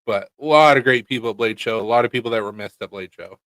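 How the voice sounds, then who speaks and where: A man's voice: mid-range voice, fast talker, fairly bright tone, dry recording. A man co-hosting a casual chat show, telling laid-back stories and swearing casually. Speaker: podcast co-host, knife maker.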